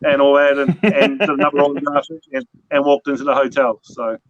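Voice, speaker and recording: A man's voice: mid-range voice, flat delivery, fairly quick. A man with a New Zealand accent, hosting a casual chat and telling long, rambling stories with many restarts. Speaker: host. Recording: dull lo-fi audio, faint noise.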